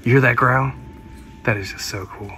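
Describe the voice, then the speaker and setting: A man hosting a casual vlog, cheerfully narrating as he feeds and cleans snakes, talking to the animals and dropping to a hush when close to them. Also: mid-range voice, normal speed, slight background noise. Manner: upbeat, talks to the animals, drops to a hush near them. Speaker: reptile keeper and show host.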